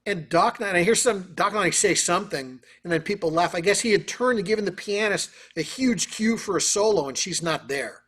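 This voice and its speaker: A man, a guest on an interview, telling stories and answering questions in an animated, casual way over a video call. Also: high-pitched, fairly quick, few pauses, husky. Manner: animated, lots of fillers. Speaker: orchestra trumpeter, interview guest. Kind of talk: casual storytelling.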